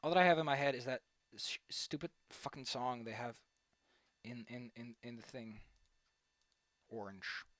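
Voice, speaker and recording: A man's voice: mid-range voice, fairly even intonation, moderate pace, pauses often, fairly bright tone, no room sound. A young man rambling goofily as he draws on a stream, repeating words playfully and joking to himself. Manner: goofy, rambling, playful repetition. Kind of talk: casual commentary while drawing.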